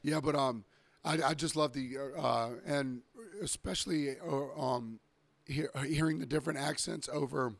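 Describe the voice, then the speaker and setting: Hoarse guy rambling on a podcast, gravelly fry, dry close sound. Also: fairly high pitch, steady tone, unhurried, no room sound. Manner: rambling, many fillers and restarts. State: hoarse, worn voice. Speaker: podcast co-host. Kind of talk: casual chat.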